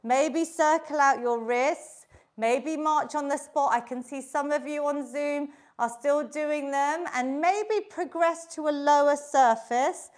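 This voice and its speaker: A woman's voice: high-pitched, takes it slowly. A woman leading a live online exercise class as fitness instructor, upbeat and encouraging, counting reps aloud while she exercises along.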